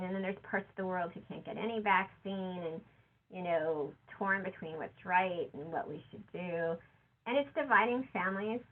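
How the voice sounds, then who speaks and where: A woman giving a conversational conference talk, acting out quotes from other people. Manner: conversational, quotes others with lively shifts in pitch. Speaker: conference speaker. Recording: tinny phone-like audio.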